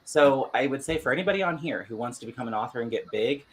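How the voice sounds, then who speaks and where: Guy in a group chat, frank, rambly advice, average pitch. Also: expressive, quick pace, rough recording. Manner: frank, advising, loose phrasing. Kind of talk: casual group chat on a livestream.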